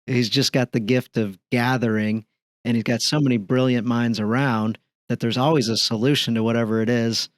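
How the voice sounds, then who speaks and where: A middle-aged man, a podcast guest, telling stories in easy conversation with an animated delivery. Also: medium pitch, moderate pace, dry recording, studio quality. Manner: animated, acts out dialogue in his stories. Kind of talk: conversational storytelling.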